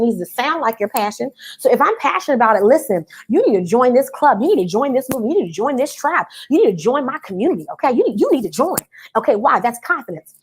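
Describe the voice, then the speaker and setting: Coaching business owners over a live stream, this fairly high-voiced woman speaks energetically and drives her points home through repetition. She keeps asking her audience to answer back, and there's a slight hiss or hum in the recording.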